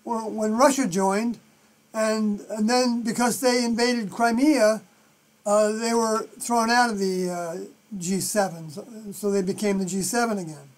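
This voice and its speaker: A live stream host with a New York accent, thinking aloud through scripture commentary and often trailing off softly. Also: mid-range voice, steady tone, a little slow.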